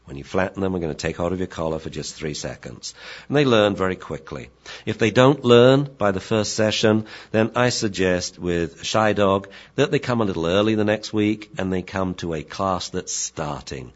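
A man explaining puppy training in an instructional talk, lively and acting out what he says to the dogs. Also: low voice, moderate pace. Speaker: dog trainer. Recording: dull lo-fi recording.

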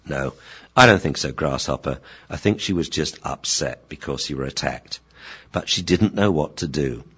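A man doing a calm, wise old dog teacher. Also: a bass voice, slightly rough, voice pushed down, full character voice. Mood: reassuring. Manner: calm, gentle, measured advice. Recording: dull lo-fi recording.

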